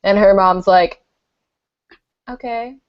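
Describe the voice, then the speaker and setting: A woman's voice: medium pitch, brisk, no room sound. A young woman co-hosting a book club chat who laughs often and swears freely while reading passages aloud. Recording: dull lo-fi webcam audio.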